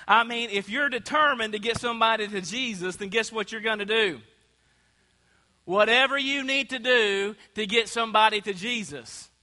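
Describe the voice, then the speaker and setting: A man's voice: extremely high pitch, normal speed, pushed and bright. A man preaching a sermon in a church, asking the congregation to call out answers. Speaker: pastor. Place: church sanctuary. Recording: long church hall reverb.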